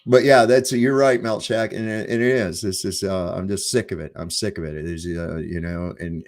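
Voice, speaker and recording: A man hosting a livestream, talking in a casual, rambling and profane way, full of fillers. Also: deep voice. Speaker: livestream host.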